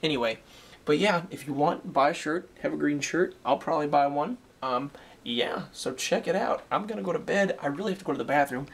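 A man's voice: a little high, fairly quick. Rambling young man vlogging at home. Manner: rambling, self-mocking, chatty. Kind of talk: casual daily vlog. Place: indoors at home.

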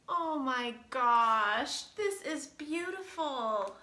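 A woman vlogger with a high, bright voice, chatting slowly and gushing with emotion as she opens fan mail. She sounds close to tears, in an echoey room. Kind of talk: casual chat.

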